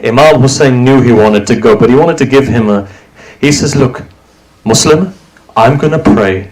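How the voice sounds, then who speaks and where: A man preaching a mourning sermon as a dramatic story, his voice rising into high, tearful cries and dropping to hushed tones. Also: normal speed, low-quality recording. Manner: drops to low, hushed tones for quiet moments.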